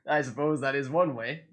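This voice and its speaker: A man's voice: medium pitch, fairly bright tone. A man hosting a community game stream, chatting with players in slightly formal phrasing. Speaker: stream host.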